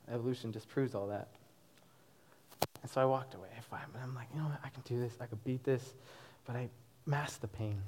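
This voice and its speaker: A young man in his twenties giving a personal testimony to a church congregation, animated and often laughing as he tells it. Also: medium pitch, a little hiss or hum.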